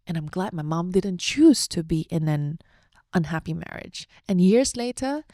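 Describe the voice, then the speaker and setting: A woman's voice: lowish voice, animated, moderate pace, mellow, no room sound, clean studio sound. A young adult woman hosting a podcast, sharing a personal story in an open, heartfelt, chatty way with fillers. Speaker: podcast host.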